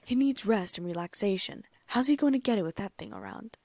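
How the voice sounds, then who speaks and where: A woman's voice: medium pitch, lively intonation, brisk, mellow, no room sound. A woman reading a blunt teenage wizard boy.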